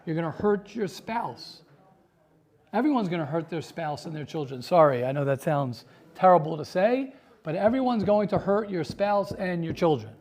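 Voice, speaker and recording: A man's voice: a little high, lively intonation, normal speed, darkish tone. A man giving a sermon as a rabbi to a live class, impassioned and talking in repeated phrases and restarts.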